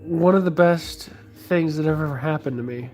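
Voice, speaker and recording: A vlogger chats casually while sculpting, rambling and joking with plenty of fillers. The voice is medium-pitched and a little mellow at a normal speed, with faint music in the background.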